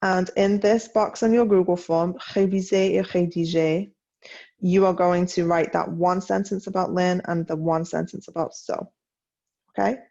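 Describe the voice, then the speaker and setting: A woman teacher giving a recorded class lesson, reading French slowly and carefully and explaining tasks in English. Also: lowish voice, little pitch movement, creaky, dark tone, highs cut off. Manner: slow, carefully enunciated French read-along, brisker English instructions.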